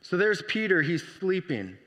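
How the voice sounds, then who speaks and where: A man preaching a sermon, telling the story with lively energy and acting out the voices. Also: high-pitched, normal speed, big-room sound. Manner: animated storytelling, acts out voices. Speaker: pastor.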